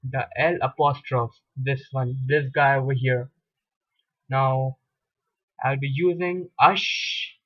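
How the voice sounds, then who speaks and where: A man teaching a French grammar lesson, talking slowly and deliberately with frequent pauses and repetitions. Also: fairly high pitch, highs cut off. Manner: deliberate, hesitant with fillers and repetitions. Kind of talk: slow lecture explaining grammar at a board.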